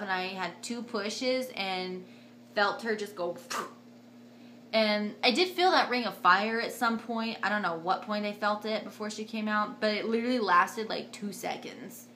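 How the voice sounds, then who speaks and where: A woman in her twenties telling a personal story to camera in a casual, animated way, acting out quotes. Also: measured pace, slight background noise. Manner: animated, acts out quotes with big jumps in pitch and loudness. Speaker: vlogger.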